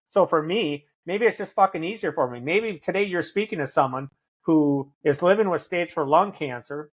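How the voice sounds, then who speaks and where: A man talking as a podcast guest, blunt and earnest, swearing often in candid conversation. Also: a little high. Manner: earnest, intense.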